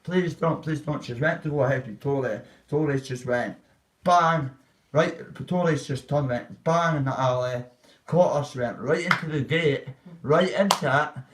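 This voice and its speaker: A man's voice: medium pitch, normal speed. Male vlogger, casual profane storyteller, mid-range voice, sits back from the mic. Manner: rambling, profane, acts out quoted voices. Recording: voice a bit far from the mic.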